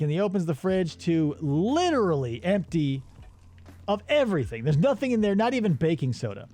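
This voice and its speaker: A man hosting a casual movie-review show, retelling a plot in an animated, sarcastic way. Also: on the high side, normal speed, soft background music. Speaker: radio show host.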